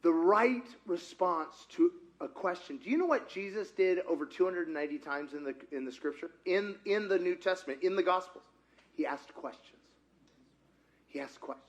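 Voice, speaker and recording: A man's voice: high voice, normal speed, dull audio. A man preaching an interactive sermon who talks with his congregation and acts out conversations with God. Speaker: pastor.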